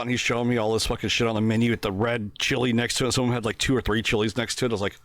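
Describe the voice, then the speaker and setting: A man's voice: medium pitch, steady tone, very fast, few pauses, a bit bright, no room sound. A middle-aged man telling a crude story in casual podcast chat, laughing often. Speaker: podcast co-host.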